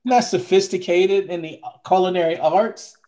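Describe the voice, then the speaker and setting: Man, podcast co-host, casual chat, rambling, repeats himself, a bit high-pitched. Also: moderate pace, mellow. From from Maryland, now Florida.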